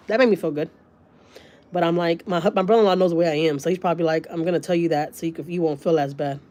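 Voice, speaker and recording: A woman's voice: lowish voice, fairly even intonation, darkish tone. Woman, livestream host, casual chat, blunt and swearing, lots of fillers. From Texas, USA. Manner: blunt, swears freely, talks fast with many fillers.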